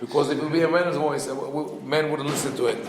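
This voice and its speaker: A man's voice: a little high, steady tone, quick pace. Man teaching in an echoey hall. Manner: conversational and digressive, peppered with "you know"; acts out quoted lines in storytelling tone. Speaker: rabbi teaching a class. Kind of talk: casual Torah class lecture. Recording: echoey hall with faint background noise.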